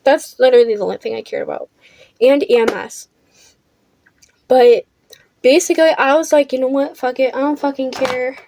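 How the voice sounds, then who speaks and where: Teen girl, high voice, brash profane storyteller, makeup vlog. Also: moderate pace, creaky, long pauses, dark tone, a little hiss or hum. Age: teens. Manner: blunt, profane, defiant. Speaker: vlogger. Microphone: camera under a ring light.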